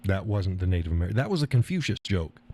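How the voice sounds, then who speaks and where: A man with a fairly low voice hosts a casual live stream, chatting to viewers. His talk is folksy and meandering, often broken up by chuckles. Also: sing-song, fast, a little mellow. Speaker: live-stream host reading viewer chat.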